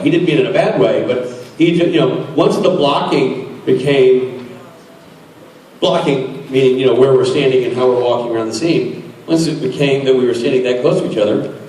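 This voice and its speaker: A man's voice: mid-range voice, darkish tone, far from the mic, a little hiss or hum. A man in his forties telling rambling, self-mocking stories to a convention audience. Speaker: convention panel guest. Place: large convention hall. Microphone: phone recording from the audience. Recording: echoey hall recorded from afar on a phone.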